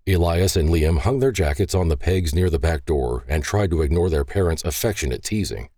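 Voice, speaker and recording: Deep-voiced male audiobook narrator. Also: lively intonation, brisk, few pauses, warm tone, no room sound, clean studio sound. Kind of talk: scripted narration.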